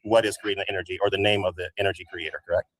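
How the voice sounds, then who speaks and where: A man's voice: sits low, flat delivery, very fast, no room sound. A man calling into an online panel, asking persistent, methodical questions. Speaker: caller.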